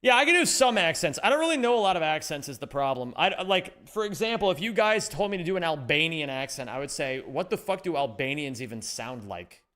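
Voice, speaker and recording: A man streaming a speedrun live, chatting with viewers in an animated, joking way and swearing casually. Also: high voice, fast, few pauses. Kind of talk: live-stream chat while gaming.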